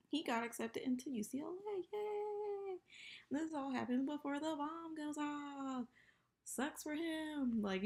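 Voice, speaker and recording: A woman's voice: fairly low pitch, darkish tone. A woman in her thirties chatting casually and profanely through a TV episode recap. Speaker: TV recap vlogger.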